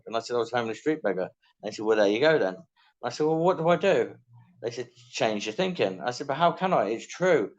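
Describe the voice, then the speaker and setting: A man's voice: medium pitch, lo-fi sound. Candid English man telling his story. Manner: candid, self-mocking, acts out quoted dialogue. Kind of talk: casual storytelling interview.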